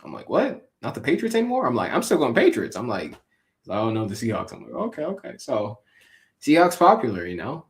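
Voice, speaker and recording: A man's voice: lowish voice, brisk, creaky. A man co-hosting a casual sports chat, rambling and laughing often as he tells stories. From California. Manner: rambling, laughs often, lively ups and downs. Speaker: podcast co-host.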